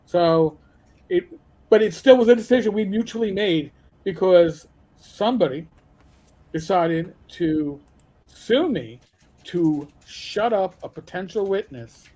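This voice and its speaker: A man's voice: sits high, expressive, slow pace, dark tone. An older retired man, hosting a casual livestream chat and telling stories bluntly. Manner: blunt, storytelling with profanity. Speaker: show host.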